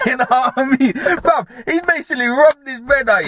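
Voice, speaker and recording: A young man with a London accent telling a story in casual, slangy chat, animated and laughing often. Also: very high voice, moderate pace, few pauses, a little hiss or hum. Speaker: podcast host.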